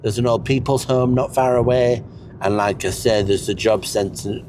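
A man in a comedic character chat, rambling in a deadpan way with snobbish asides. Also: mid-range voice, moderate pace, slight background noise.

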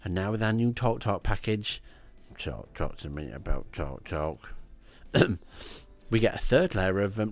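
A man reading a comic diary aloud in a deadpan way, with crude asides. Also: lowish voice, no echo.

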